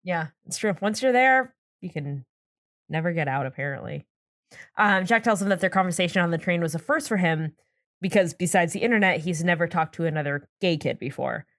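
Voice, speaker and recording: A woman's voice: on the low side, brisk, no room sound, clean studio sound. A woman co-hosting a casual podcast, summarizing plot points with frequent laughter. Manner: giggly, animated, reads plot summaries. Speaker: podcast co-host. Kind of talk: casual recap chat.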